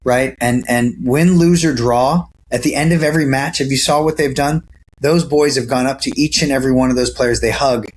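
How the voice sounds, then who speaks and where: Over a video call from home, seated near a camera, a man guesting as an actor in an interview talks earnestly and casually, with many fillers and restarts. His voice is medium-pitched and a little fast, with slight background noise.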